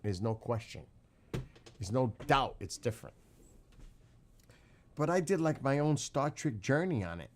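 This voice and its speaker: A man's voice: mid-range voice, sing-song, unhurried, long pauses. A middle-aged man hosting a livestream, telling stories in a loose, profane, casual way. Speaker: livestream host.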